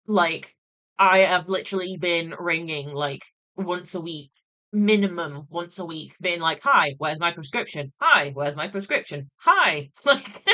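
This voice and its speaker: A woman's voice: mid-range voice, pushed and bright. A woman chatting casually on a live stream, venting, laughing often and swearing freely.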